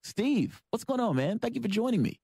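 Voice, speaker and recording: A male radio host talking in a loose, chatty way, full of fillers and restarts. His voice is gravelly and a bit husky. His pitch jumps around a lot, and the sound is dry and close. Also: brisk, dry recording. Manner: chatty, lively, rambling with fillers. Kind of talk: casual radio interview.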